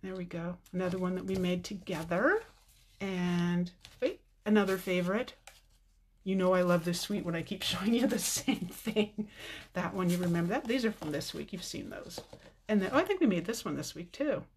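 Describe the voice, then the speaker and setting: An older woman hosting a casual live craft stream, chatting warmly with viewers, teary with a slightly stuffy nose. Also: on the low side, normal speed, a little hiss or hum. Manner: chatty and tearful, reading viewer comments. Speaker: card-making video host.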